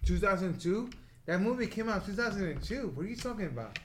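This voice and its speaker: A man's voice: high-pitched, big pitch swings, fast talker, a little hiss or hum. A man in his thirties from Mexico, co-hosting a casual podcast chat, teasing and swearing freely. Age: 30s. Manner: profane, teasing. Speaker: podcast co-host.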